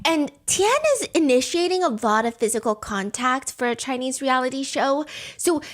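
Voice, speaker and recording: A woman recaps a story in a lively, casual way, laughing often and dropping the odd swear word. Her voice sits a little higher than most. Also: normal speed. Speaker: host.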